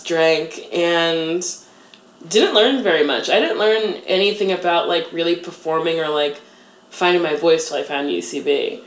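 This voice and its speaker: A woman in her thirties chatting casually in an interview, self-deprecating and filling her talk with "like". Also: deep voice. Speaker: interview guest. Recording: echoey room.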